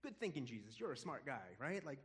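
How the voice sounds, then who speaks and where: A man voicing a brash, eager male disciple with boastful, excited talk. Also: mid-range voice, brisk.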